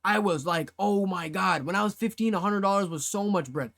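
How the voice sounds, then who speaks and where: A man's voice: high voice, brisk, a bit bright. A young man streamer telling a story to his live chat in casual slang, acting out his own past reactions.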